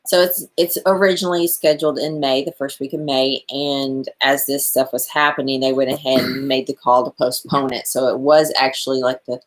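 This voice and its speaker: A woman with an unusually deep voice co-hosts a casual live stream. She explains things in a plain, matter-of-fact way and thanks viewers by reading their comments aloud. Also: level tone, moderate pace, hardly any pauses, rough recording. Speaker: livestream co-host.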